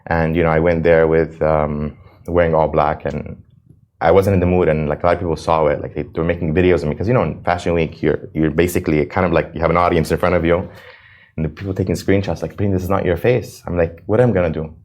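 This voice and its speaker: A man's voice: a bass voice, flat delivery, fast, darkish tone. A man from the United States, an interview guest, speaking earnestly and passionately, often restarting his sentences. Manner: earnest and impassioned, with frequent restarts. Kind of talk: emotional interview talk.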